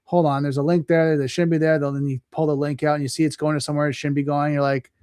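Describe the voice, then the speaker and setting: A man hosting a podcast in casual chat, telling stories at a quick clip and acting out the people he quotes. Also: fairly high pitch, clean tone, dry recording, clean studio sound. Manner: fast, animated storytelling, acts out quoted people. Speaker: podcast host.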